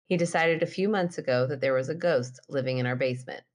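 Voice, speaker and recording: A woman's voice: rumbling low, quick pace. A woman co-hosting a podcast in casual chat, laughing often and reading listener letters aloud. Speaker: podcast co-host.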